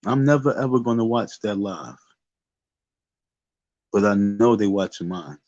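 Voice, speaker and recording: Guy ranting on his live stream, low voice, keeps repeating himself, muffled lo-fi sound. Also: lively intonation, a little mellow. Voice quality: repetitive, emphatic. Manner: dismissive, drawn-out insistence. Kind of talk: casual livestream rant.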